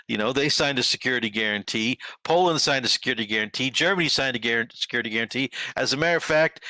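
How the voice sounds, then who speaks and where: A man's voice: medium pitch, pushed and bright, dry recording. A man hosting a political commentary show, talking sarcastically and emphatically over news clips.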